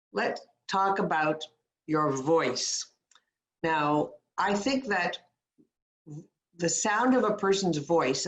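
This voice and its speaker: A communication coach with a low voice teaches a webinar audience about voice, explaining through demonstrations and giving upbeat, encouraging guided tips. The sound is roomy.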